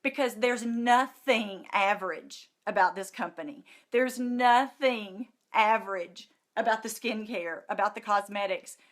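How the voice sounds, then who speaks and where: A woman's voice: medium pitch, measured pace, hardly any pauses. A middle-aged woman, talking straight to the camera in an emotional, gushing testimonial, close to tears and repeating herself for emphasis. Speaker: vlogger.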